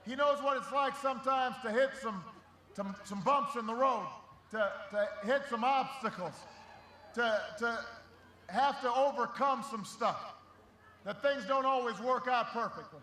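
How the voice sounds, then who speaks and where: Man shouting a rally speech, echoey hall. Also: very high-pitched, measured pace, slight background noise. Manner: rousing, shouting over a crowd. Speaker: political speaker at a rally. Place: large rally venue.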